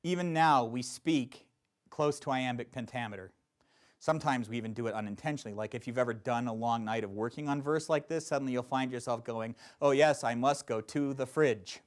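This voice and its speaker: A man teaching a Shakespeare acting class, explaining verse in an animated way with playful asides. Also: mid-range voice, a little fast. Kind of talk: classroom instruction.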